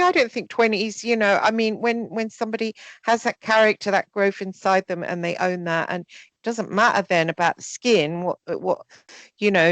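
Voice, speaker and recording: A woman talking candidly in a casual conversation, animated and often acting out remarks in quoted voices. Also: mid-range voice, no room sound.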